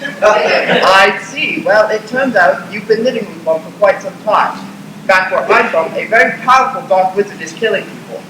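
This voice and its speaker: A man's voice: high-pitched, expressive, moderate pace. A man playing a young British wizard in a live stage parody, talking in an awkward, hesitant way. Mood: earnest. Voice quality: hesitant, stumbling, shy. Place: convention room, stage. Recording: echoey hall, noisy live audience room.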